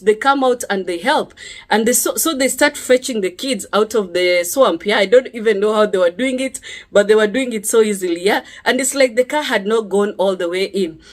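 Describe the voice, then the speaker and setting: A woman with a Kenyan accent earnestly recounting a personal story, checking in with the listener with frequent tag questions and restarting her sentences. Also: a little high. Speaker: speaker sharing a personal testimony.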